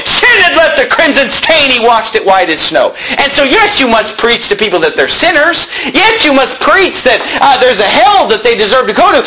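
A male pastor preaching a sermon in an emphatic way, mocking street preachers with loud shouted impressions. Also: on the high side, poor audio.

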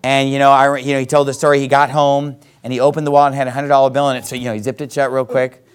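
A middle-aged man preaching a Bible sermon, reading scripture slowly and then explaining it in a folksy, emphatic way. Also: mid-range voice, little pitch movement.

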